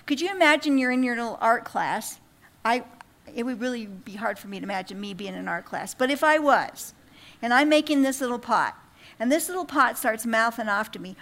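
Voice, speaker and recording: A woman's voice: a little high, animated, fairly quick, a bit bright. Woman teaching the Bible, casual and emphatic. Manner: casual asides mixed with emphatic reading.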